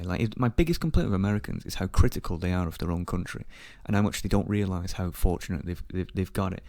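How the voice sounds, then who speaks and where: Man, podcast host, swings his pitch a lot, swears, dry close sound. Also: lively intonation, moderate pace, darkish tone, dry recording. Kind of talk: casual opinionated chat.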